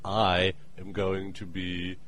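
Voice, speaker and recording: A man's voice: low-pitched, little pitch movement, a bit bright, a little hiss or hum. A man hosting a casual podcast, playful and jokey, talking with a co-host over a call. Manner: playful, jokey, with quick put-on voices. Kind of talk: casual chat. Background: skype call with co-host.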